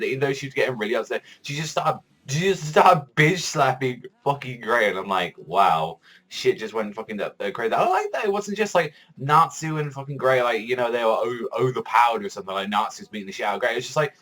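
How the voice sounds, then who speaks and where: A man giving a casual video review of a manga chapter, talking in a rambling, excitable way and swearing a lot. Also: medium pitch, poor audio.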